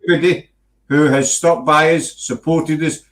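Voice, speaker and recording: A man's voice: a little high, fairly even intonation, moderate pace, a bit bright. A middle-aged Scottish man hosting a casual paranormal chat show, teasing and laughing often. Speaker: podcast host.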